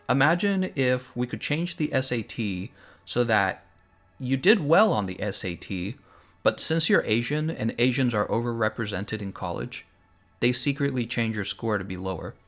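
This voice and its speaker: A man's voice: mid-range voice, a bit bright. A young adult man streaming a game, chatting casually and with strong opinions, laughing often. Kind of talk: casual livestream chat while playing.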